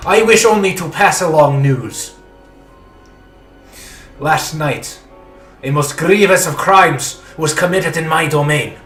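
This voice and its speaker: A man's voice: fairly high pitch, pushed and bright, exaggerated voice. A man voicing a haughty, commanding male vampire prince with a put-on Spanish accent, bellowing formal proclamations. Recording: roomy echo.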